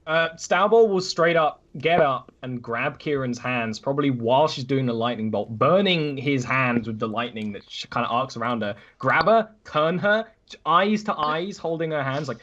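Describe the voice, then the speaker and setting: A man's voice: medium pitch, normal speed, fairly bright tone. A man playing a tabletop game, describing his character's moves in a rambling way full of "like", over an online voice call. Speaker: player. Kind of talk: casual tabletop play. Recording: dull lo-fi call audio.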